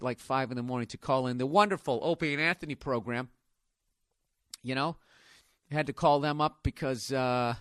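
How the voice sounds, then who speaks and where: A man's voice: medium pitch, fairly bright tone, dry recording, clean studio sound. A man in his forties telling stories in a casual, profane, rambling monologue as a podcast host. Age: 40s.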